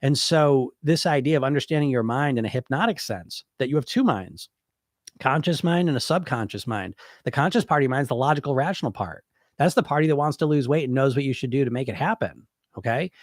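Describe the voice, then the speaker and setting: A middle-aged podcast host, who also works as a hypnotist weight coach, has a stuffy head cold as he answers questions in a casual live stream. He speaks a little fast in a mid-range, lively voice, blunt and rambling with many "you know" fillers, in clean studio audio with no echo.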